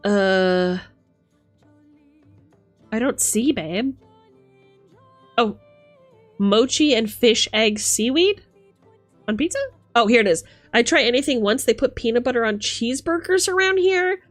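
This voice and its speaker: A young woman streamer chatting casually with her viewers, animated, laughing and swearing freely. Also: fairly high pitch, measured pace, long pauses, faint music behind. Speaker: livestreamer.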